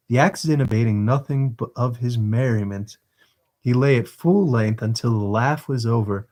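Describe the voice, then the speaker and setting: Man casually reading a novel aloud. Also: mid-range voice. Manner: relaxed, self-deprecating asides. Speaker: livestream reader.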